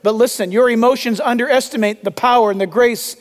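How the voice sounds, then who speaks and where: A man preaching a sermon as pastor, emphatic and urgent, calling out loudly to his listeners. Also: very high-pitched, fairly even intonation, brisk, long reverb tail, noisy background.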